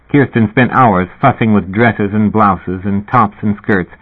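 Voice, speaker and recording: Husky man reading a novel aloud. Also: fairly low pitch. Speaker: audiobook reader. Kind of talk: first-person novel narration. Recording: tinny phone-like audio.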